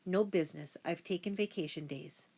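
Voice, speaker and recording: A woman reading an audiobook and voicing a loving, busy father who speaks in hurried reassurance. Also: on the low side, darkish tone, close to an everyday voice. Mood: affectionate.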